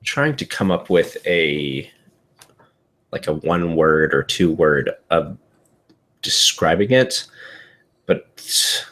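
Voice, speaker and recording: A man's voice: rumbling low, big pitch swings, slow, pauses often, fairly bright tone. A man playing in a tabletop game, thinking aloud hesitantly about his character. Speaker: player. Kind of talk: casual tabletop game planning.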